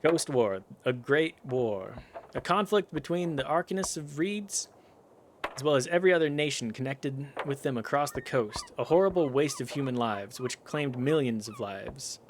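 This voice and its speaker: A man's voice: medium pitch, expressive, moderate pace, a little hiss or hum. A man running a tabletop game as game master, reading lore and joking crudely. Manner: lore narration with crude jokes. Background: music.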